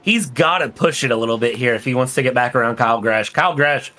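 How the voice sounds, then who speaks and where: American man, bright tone, relaxed joking co-commentator. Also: mid-range voice, fast talker. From United States. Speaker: race co-commentator. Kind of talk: sim racing commentary.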